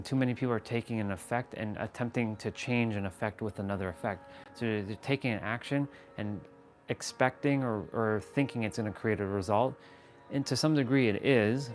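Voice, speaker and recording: A man's voice: fairly low pitch, a little fast, soft background music. A man on a motivational livestream, talking with emphatic repetition, playful mock-scolding asides and casual swearing. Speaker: motivational live streamer.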